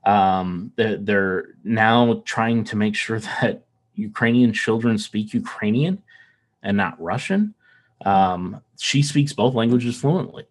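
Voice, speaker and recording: A man from the American South, though without a Southern accent, talks slowly in a voice on the low side. In a casual podcast conversation he comes across earnest and rambling, often restarting and repeating words.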